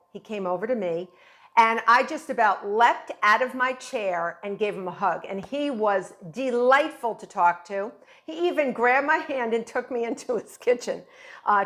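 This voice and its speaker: A chatty, enthusiastic woman in middle age walks viewers through a cake recipe in her kitchen. She talks in an easy, gushing way, with a voice of ordinary pitch for a woman. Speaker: baking instructor. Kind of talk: home baking tutorial.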